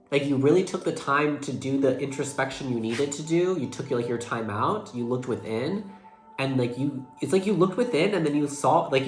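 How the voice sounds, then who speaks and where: Earnest young tarot reader in echoey room. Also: mid-range voice. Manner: earnest, emotional, swears casually, heavy use of "like". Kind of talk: casual monthly tarot reading to camera. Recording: echoey room with faint music behind. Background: faint background music.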